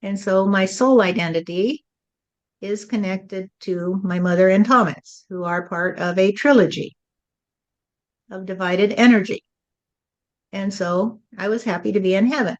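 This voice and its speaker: A woman's voice: medium pitch, a little slow, highs cut off. A woman acting as a spirit medium, relaying channeled messages in a musing way and often tagging her lines with "you see.".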